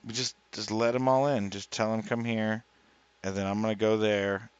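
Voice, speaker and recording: A man's voice: fairly low pitch, flat delivery, moderate pace, smooth, highs cut off. A man co-hosting a live stream, chatting casually in a rambling, profane, jokey way. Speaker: streamer, co-host. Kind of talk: casual chat.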